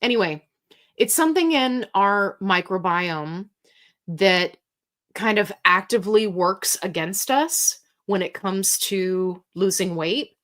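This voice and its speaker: A woman hosts a casual livestream Q&A in a frank, chatty way. She reads viewer comments aloud and responds to them. Her delivery is slow and unhurried, with a voice pitched in the middle for a woman. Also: animated, fairly bright tone. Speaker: livestream host answering viewer questions. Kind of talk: casual live Q&A chat.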